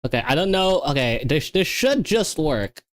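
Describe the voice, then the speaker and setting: A young woman streaming herself coding, talking excitedly and repeating herself as things work or fail. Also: low-pitched, moderate pace, no echo. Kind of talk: livestreamed coding session chat.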